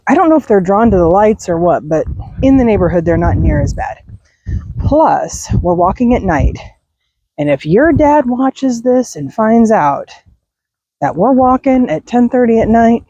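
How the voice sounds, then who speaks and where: Slow, unhurried, a woman talks while she walks her dog through a neighborhood at night, chatty and quick to laugh or sigh. Her voice is mellow and a little husky, recorded close and dry with no room around it. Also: mid-range voice, no room sound. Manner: chatty, laughs and sighs often. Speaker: vlogger walking her dog. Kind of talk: casual walk-and-talk chat.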